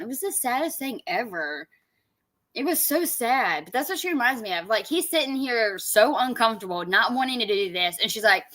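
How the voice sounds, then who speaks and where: A woman's voice: a little high, lively intonation, moderate pace, a bit bright. A woman giving sarcastic, blunt reaction commentary on a video. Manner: sarcastic, blunt, mocking asides.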